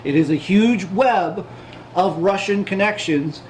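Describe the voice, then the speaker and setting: High-voiced, indignant male podcast co-host. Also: unhurried, a little hiss or hum, poor audio. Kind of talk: casual political chat.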